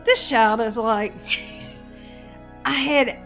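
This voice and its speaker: A woman telling a story in casual chat, exasperated and animated. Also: on the high side, extremely slow, faint music behind.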